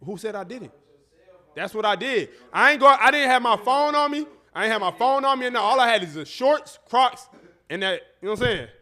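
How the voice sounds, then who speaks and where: Podcast host, male, light high voice, loose storytelling, lots of cursing and quoted voices. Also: fairly quick. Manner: animated, profane, acts out voices in his story. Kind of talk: casual storytelling.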